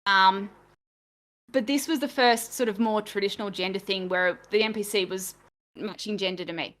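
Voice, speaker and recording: A woman's voice: medium pitch, normal speed, a bit bright. A woman chatting casually as a game master and co-host, talking in a chatty, self-deprecating way and laughing easily. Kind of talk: casual chat.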